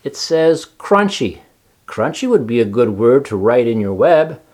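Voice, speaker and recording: A man's voice: mid-range voice, very animated, unhurried, darkish tone. A man voicing a grumpy, greedy barn rat who grumbles and answers back sarcastically.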